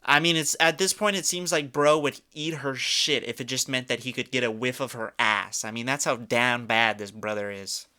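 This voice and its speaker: A man's voice: medium pitch, steady tone, normal speed, few pauses, pushed and bright, clear, resonant tone. A young man doing reaction commentary, incredulous and mocking, swearing often as he talks. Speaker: commentary YouTuber.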